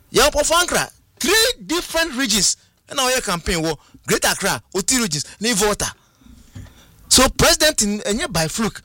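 Animated Ghanaian man, high bright voice. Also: dry recording, studio quality. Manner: animated, switches between Twi and English. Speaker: studio guest. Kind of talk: radio talk show discussion.

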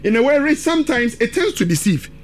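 A man's voice: extremely high pitch, big pitch swings, quick pace, faint music behind. A man giving football analysis on a talk show, emphatic and switching between languages. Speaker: football pundit. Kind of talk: sports analysis on radio talk show, mixing Twi and English.

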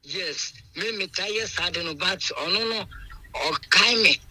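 A Ghanaian man calling in to a radio show, telling a relationship story in animated fashion with code-switching. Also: high voice, slow, crowd noise, low-quality recording. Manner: animated storytelling, voices quoted partners. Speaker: caller. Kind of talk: call-in radio chat.

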